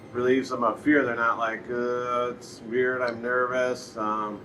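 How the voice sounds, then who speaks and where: A man co-hosting a casual business chat, talking in a relaxed, loose way. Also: on the low side. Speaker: furniture store co-host. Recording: bright, distant mic with faint noise.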